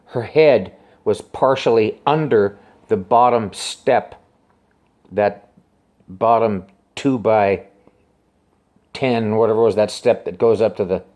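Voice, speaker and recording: A man telling a personal story to camera in a rambling, halting way, repeating himself and swinging from hushed asides to urgent, raised bursts. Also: fairly low pitch.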